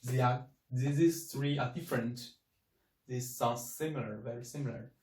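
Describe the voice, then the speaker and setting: A man whose first language is Chinese, teaching a language lesson slowly and repeating each sound many times. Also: mid-range voice, darkish tone. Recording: echoey room, mic at a distance.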